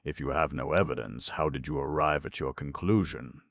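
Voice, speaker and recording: A man's voice: very deep voice, moderate pace, vocal fry, a bit bright, no echo, clean studio sound, exaggerated voice. A man reading a stern, exasperated prosecutor. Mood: indignant. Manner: blunt, exasperated and cold. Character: stern, indignant male district attorney. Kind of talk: audiobook character reading.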